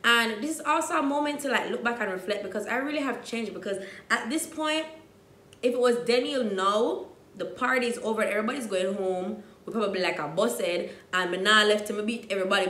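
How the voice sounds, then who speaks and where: A young Jamaican woman with a Jamaican accent, telling a dramatic storytime, dropping to hushed asides and rising to loud outbursts. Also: mid-range voice, a little fast, echoey room. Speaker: vlogger. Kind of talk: storytime vlog.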